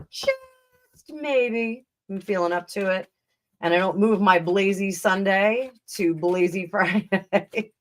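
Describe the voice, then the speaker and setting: A woman hosting a live tarot stream, chatting casually and rambling, with frequent laughs and restarts. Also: medium pitch. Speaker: tarot reader and livestream host. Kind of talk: casual livestream chat.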